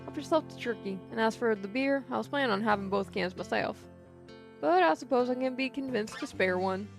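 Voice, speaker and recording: A woman puts on a gruff old man of the hills with a sore hip, scolding in a slow drawl. His voice is gravelly and a touch high for an old man, and a faint hum of music sits behind it. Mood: folksy. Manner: stern, folksy, scolding.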